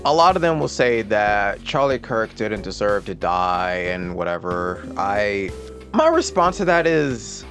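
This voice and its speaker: A man's voice: on the low side, a bit bright. A man ranting in casual political commentary, sarcastic, profane and exasperated.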